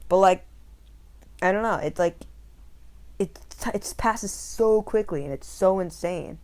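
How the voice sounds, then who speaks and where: A man's voice: high voice, unhurried, a little mellow. A teenage boy from Minnesota whose voice is breaking, co-hosting a casual podcast and rambling with lots of "like" and restarts. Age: teens. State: voice breaking with puberty. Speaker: podcast co-host. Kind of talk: casual chat.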